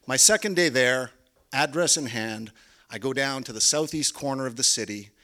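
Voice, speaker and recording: A man's voice: mid-range voice, animated, moderate pace, sharp tone. A man telling a personal story on stage, with wry, understated comic timing. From Canada.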